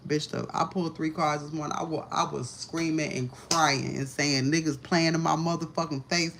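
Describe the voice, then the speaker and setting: A woman's voice: sits low, fairly even intonation, normal speed, a bit bright, a little hiss or hum. A woman doing a live-streamed tarot reading from home, ranting in a profane, agitated way. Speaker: tarot reader.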